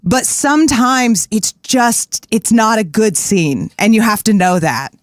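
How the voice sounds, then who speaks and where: A woman's voice: fairly high pitch, a little slow, dry recording, studio quality. A woman co-hosting a podcast in casual chat, candid and blunt, swearing now and then. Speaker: podcast co-host.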